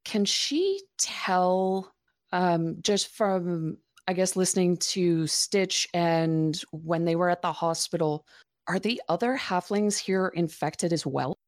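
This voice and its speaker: A woman's voice: lowish voice, takes it slowly, no room sound, clean studio sound. A woman playing a tabletop game, hesitant and full of fillers as she describes her character's actions. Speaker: player.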